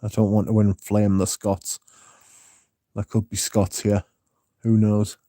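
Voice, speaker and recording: A man's voice: fairly low pitch, completely flat delivery, measured pace, warm tone, no echo. A man hosting a casual livestream, reading viewer comments aloud and answering them with dry, sardonic banter. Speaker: livestream host.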